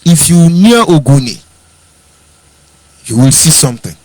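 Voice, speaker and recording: Nigerian guy ranting on political radio, highish voice, dry close sound, mocking n preachy. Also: very animated, unhurried, darkish tone, dry recording. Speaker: political commentator. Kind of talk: impassioned broadcast monologue.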